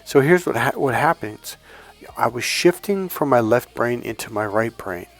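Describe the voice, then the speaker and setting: Calm, slow-talking man coaching. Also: mid-range voice, faint music behind. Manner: deliberately slowed, calm delivery with blunt profanity. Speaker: dating coach. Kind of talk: casual storytelling monologue.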